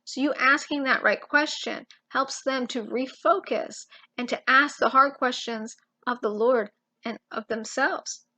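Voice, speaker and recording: A woman giving an informal, impassioned Bible teaching, emphatic and full of pauses and restarts. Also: high voice, bright, forceful tone. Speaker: Christian teacher.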